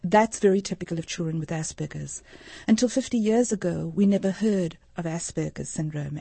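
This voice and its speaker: A woman's voice: mid-range voice, creaky, dark tone, no room sound. A middle-aged woman from Africa, a social worker explaining earnestly as a radio interview guest. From South Africa. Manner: earnest, explanatory, gives anecdotes.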